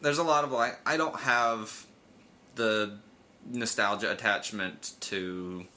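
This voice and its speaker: A man's voice: on the low side, takes it slowly, sharp tone, slight background noise. A man co-hosting a casual talk show, chatty and full of fillers, laughing easily. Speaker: podcast co-host. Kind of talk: casual chat.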